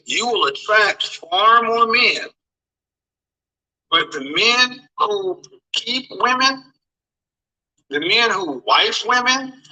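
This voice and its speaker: A man's voice: high-pitched, bright, forceful tone, recorded from a distance, poor audio. A man lecturing viewers on dating in emphatic commentary, often repeating his phrases for effect.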